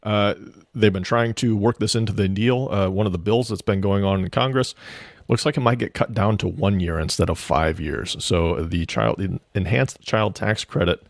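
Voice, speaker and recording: A man's voice: fairly low pitch, normal speed, creaky, dry recording. A man co-hosting a money talk show, chatting casually and answering briefly. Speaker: co-host.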